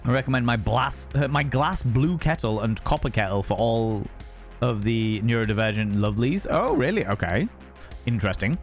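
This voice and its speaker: A man's voice: mid-range voice, lively intonation, normal speed, faint music behind. A young man streaming and chatting casually, rambling from topic to topic, swearing freely and greeting viewers by name. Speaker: streamer reading chat. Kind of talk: casual chat.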